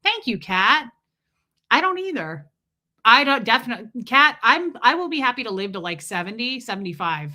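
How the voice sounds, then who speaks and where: A woman's voice: a little high, sing-song, normal speed, pushed and bright. A woman hosting a casual livestream, telling a rambling personal story and breaking off to greet chat viewers by name. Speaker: livestream host.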